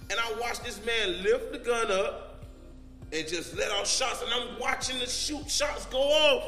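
A high-pitched man tells a story in loose, profane street talk. His voice is bright and forceful, and it sits in long reverb over faint background music. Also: a little slow. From Miami, Florida. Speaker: podcast guest. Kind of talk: casual storytelling.

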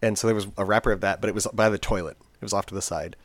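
Brief: low-voiced man, rambling casual storyteller, close dry mic. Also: fairly even intonation, rapid-fire, no echo. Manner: rambling, chatty, many fillers. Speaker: podcast co-host.

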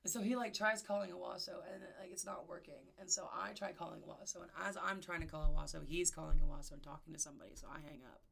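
A woman co-hosting a podcast, telling a story in casual chat, animated, swearing and laughing as she acts out the people in it. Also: on the low side, quick pace, vocal fry, hardly any pauses. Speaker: podcast co-host.

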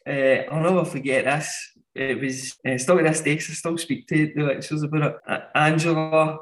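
A man, a podcast guest telling animated anecdotes and laughing often. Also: fairly high pitch, moderate pace, poor audio. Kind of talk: casual storytelling.

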